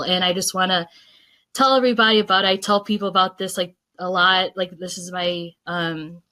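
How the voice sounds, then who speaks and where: A woman's voice: fairly low pitch, sharp tone. A woman hosting a video call chat, talking in a chatty, enthusiastic way and laughing often. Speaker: host. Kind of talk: casual chat.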